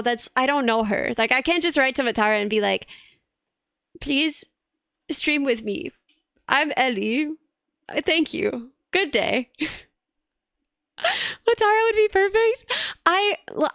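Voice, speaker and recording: A woman's voice: fairly high pitch, creaky, a bit bright, clear, resonant tone, no echo, clean studio sound. A young woman VTuber chatting casually on a live stream, giggly and rambling with lots of filler words.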